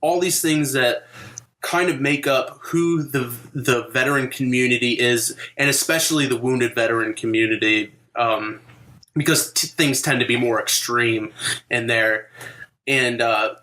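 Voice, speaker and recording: A man's voice: medium pitch, a little slow, sharp tone. A young adult man, a Marine veteran co-hosting a podcast, talking in a rambling, profane way with many fillers. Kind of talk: casual podcast chat.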